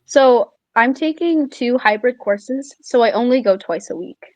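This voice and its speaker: A young woman, a college student, answering interview questions in a soft, hesitant way. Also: fairly high pitch, expressive, a little slow, no echo. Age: young adult. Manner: soft-spoken, hesitant, with many "um" and "like".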